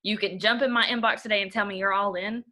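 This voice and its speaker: A woman's voice: mid-range voice, fairly even intonation, fast talker, bright, forceful tone. A young woman, giving a rambling, blunt motivational training talk to her team. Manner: rambling, blunt, uses y'all.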